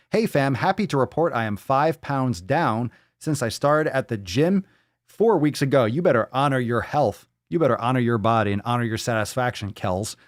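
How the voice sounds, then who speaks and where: A man's voice: mid-range voice, no room sound, studio quality. Profane sarcastic male podcast host. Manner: sarcastic, profane, jumps into silly voices. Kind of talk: casual live show banter.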